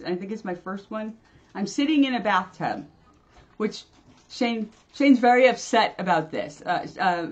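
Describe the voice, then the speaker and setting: A woman's voice: medium pitch, highs cut off. A woman spiritual medium chatting casually on a livestream, rambling, laughing often and restarting her sentences. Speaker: spiritual medium and channel host. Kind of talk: casual livestream chat answering viewers.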